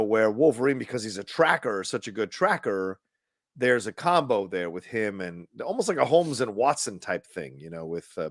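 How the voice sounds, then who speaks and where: A man with a fairly low voice chats casually as a podcast co-host. He talks loosely, drops a curse here and there and trails off into fillers as he thinks. The sound is dry and close to the mic. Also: fairly bright tone, no room sound. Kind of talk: casual chat.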